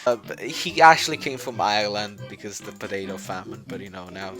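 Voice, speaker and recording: A man's voice: fairly low pitch, a little fast, music in the background. A man presenting his game project in a loose, rambling way, full of fillers and restarts, often chuckling. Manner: chuckling, offhand. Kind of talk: joking game showcase.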